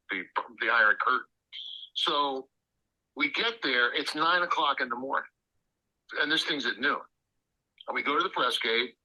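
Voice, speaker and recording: Bright-voiced man telling a story. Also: mid-range voice, low-quality recording. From Illinois. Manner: animated anecdotal storytelling, acts out quotes. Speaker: guest. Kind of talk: storytelling interview.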